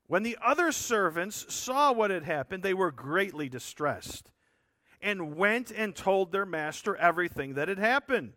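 A man's voice: high voice, sharp tone, no echo, clean studio sound. A man preaching a sermon, explaining a scripture passage in an earnest, emphatic way with rhetorical asides to his listeners.

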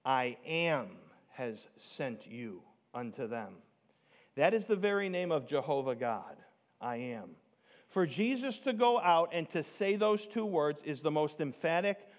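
Emphatic preaching man, fairly high voice. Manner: emphatic, rising to near shouts on key points; slows down to stress key words. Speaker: pastor. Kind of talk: sermon.

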